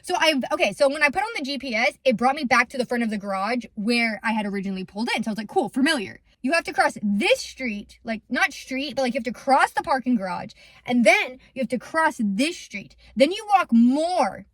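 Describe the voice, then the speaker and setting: A young woman who runs a massage business tells a story in a chatty, animated way, with many fillers. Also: high voice, brisk, no room sound. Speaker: lymphatic massage business owner. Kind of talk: casual storytime vlog.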